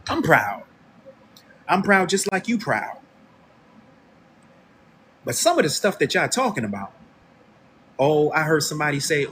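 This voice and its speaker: A man from the United States hosts an online radio talk show. His delivery is a heated, preachy rant aimed straight at his audience, in a fairly high voice that leaps around with lively swings in pitch. Faint noise sits under the recording. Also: moderate pace, pauses often. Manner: confrontational, preachy, addresses listeners directly. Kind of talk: heated commentary monologue.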